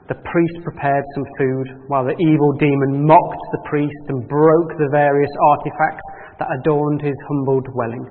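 A man reading a parable aloud in a measured storytelling way, then asking quiet reflective questions. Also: fairly high pitch. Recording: tinny phone-like sound in a reverberant hall.

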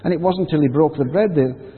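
A man preaches a sermon, retelling the story in an easy, chatty way and acting out the voices in it. His voice is slightly husky. It echoes with a long hall reverb through a thin, phone-like line. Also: fairly high pitch, brisk. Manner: conversational storytelling, acts out quotes.

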